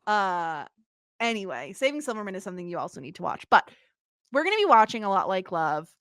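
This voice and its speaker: A woman's voice: mid-range voice, fairly quick, no echo, clean studio sound. A woman in her thirties co-hosting a podcast in casual, jokey chat. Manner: animated, jokey, bursts into laughs. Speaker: podcast co-host.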